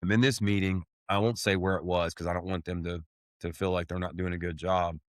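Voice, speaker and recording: A man with a fairly low voice tells his own story in plain, blunt terms. He swears casually and keeps calling his listener "man." The recording is dry and close, with no room echo. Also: flat delivery, brisk. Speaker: podcast host sharing his testimony. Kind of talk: candid conversational storytelling.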